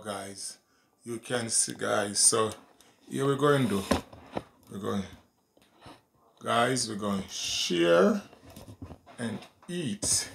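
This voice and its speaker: A man's voice: mid-range voice, vocal fry, roomy sound, background noise. A man showing his home-cooked dinner, talking casually to viewers and saying "guys" at nearly every turn. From Jamaica. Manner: repeats "guys" constantly, simple homely commentary. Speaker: home cooking vlogger. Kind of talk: casual cooking demonstration. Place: home kitchen.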